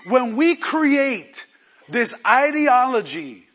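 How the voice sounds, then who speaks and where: A man pastor preaching a sermon with animated swings between loud emphasis and quiet asides, acting out quotes. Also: very high voice, slow pace, slightly rough.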